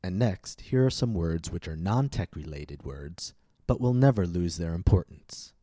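A man teaching English pronunciation in a scripted podcast lesson, speaking slowly and carefully enunciating. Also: low-pitched, expressive, mellow, dry recording, clean studio sound.

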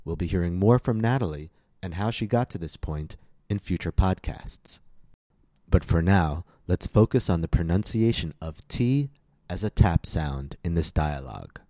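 A man giving a scripted pronunciation lesson as a coach, speaking slowly and enunciating carefully. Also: deep voice, animated, dark tone, dry recording, clean studio sound. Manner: slow, careful, clearly enunciated. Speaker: accent coach.

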